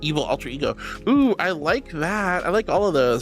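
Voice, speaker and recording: Soft background music plays as a woman streamer chats and reads viewer messages in a low voice with lively intonation and a moderate pace. Bubbly and affectionate, she teases and giggles, calling everyone sweetie and honey.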